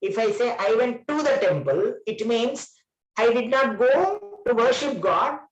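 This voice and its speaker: A man's voice: extremely high pitch, big pitch swings, measured pace, highs cut off. A man with an Indian English accent giving a classroom lecture as an English trainer, explaining patiently and repeating key words. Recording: echoey classroom.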